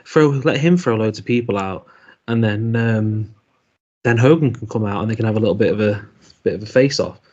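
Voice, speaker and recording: A man's voice: lowish voice, brisk, darkish tone, highs cut off. A man co-hosting a podcast, talking casually with friends and laughing often. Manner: chatty, laughs often, swears. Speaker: podcast co-host. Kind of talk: casual chat.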